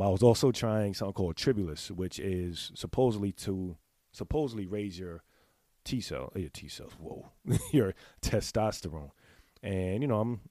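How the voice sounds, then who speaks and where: Deep-voiced man, blunt and profane. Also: mellow, no room sound, studio quality. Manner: confessional, speaks to the audience directly. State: clearing his throat often. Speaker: vlogger giving sex advice. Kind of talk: casual candid monologue.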